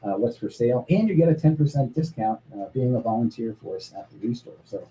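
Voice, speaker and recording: A man's voice: medium pitch, animated, quick pace, mellow, rough recording. Earnest man with many restarts. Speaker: guest from a housing charity. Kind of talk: casual interview talk.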